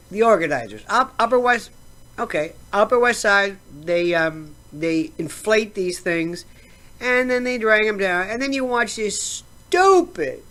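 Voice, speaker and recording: Sarcastic, animated American woman ranting. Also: medium pitch. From United States. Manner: sarcastic, rambling, digressive. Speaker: show host. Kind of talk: comedic rant.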